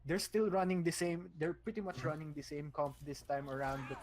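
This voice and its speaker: A man's voice: a little high, brisk, darkish tone. A man giving loose, rambling color commentary on an esports match, with frequent restarts.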